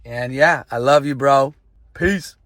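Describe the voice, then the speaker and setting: A man's voice: medium pitch, slow pace, a bit bright, no echo, clean studio sound. A man leaving a hesitant, affectionate recorded message for an old friend.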